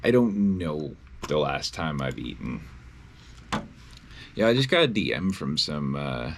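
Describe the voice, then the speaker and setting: A man's voice: a bass voice, sing-song, a little slow, slight background noise. A young man in a casual video diary, talking bluntly and swearing a lot. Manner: blunt and heavily profane. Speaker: independent musician. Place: at home.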